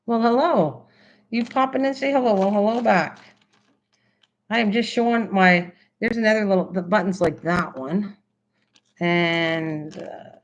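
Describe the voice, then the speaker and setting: A woman hosting a casual craft livestream, chatting excitedly and answering her chat as she goes. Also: mid-range voice. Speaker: livestream host. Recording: slightly dull lo-fi stream audio.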